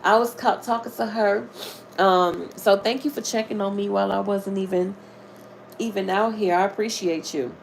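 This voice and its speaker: A chatty woman hosting a live stream, talking straight to her viewers in a loose, animated way. She tells a true-crime story and curses freely as she goes. There is a faint hum of noise behind her voice. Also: medium pitch, moderate pace, creaky.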